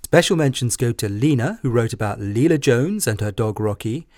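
A man co-hosting a show, briskly listing children who get special mentions. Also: medium pitch, animated, darkish tone, dry recording, clean studio sound. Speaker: co-host announcing winners.

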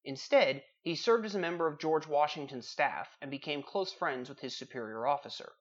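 A man's voice: fairly high pitch, moderate pace, dull audio. A man hosting a trivia podcast, chatting casually and reading out questions and facts in a dry way.

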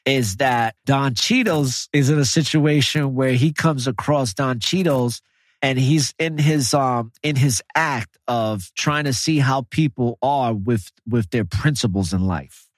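A man chatting on a podcast, telling a film story with animated, profane emphasis. His voice is husky, sitting at a middle pitch. The sound is dry and close. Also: measured pace, dry recording. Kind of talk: casual podcast conversation.

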